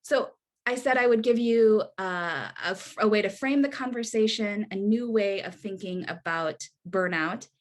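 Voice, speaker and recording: A woman's voice: medium pitch, normal speed. Earnest woman presenting over video call. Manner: earnest, conversational, many restarts and rhetorical "right?". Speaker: workshop presenter. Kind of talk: online workshop talk.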